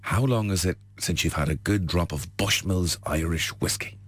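A man voicing a sultry blonde woman diver who speaks slowly and teasingly. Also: husky, dry recording. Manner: slow, low, teasing.

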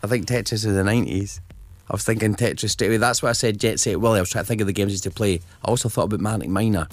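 A man co-hosting a casual podcast, telling rambling, animated stories. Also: lowish voice, racing, dry recording. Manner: rambling, animated storytelling with impressions. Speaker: podcast co-host.

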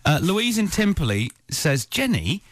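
Young male breakfast radio host, lively and chatty, fairly high voice. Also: a little slow, no echo. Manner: chatty, reads listener texts aloud, laughs often. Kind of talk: casual radio banter.

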